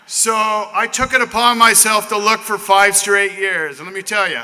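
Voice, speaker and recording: This Hall of Fame inductee, a Southern Californian man in his fifties, gives a chatty acceptance speech at a dinner and calls out to people in the audience. His high-pitched voice is sharp and fairly even, at a moderate pace, with a little hiss or hum. The banquet hall adds a long reverb.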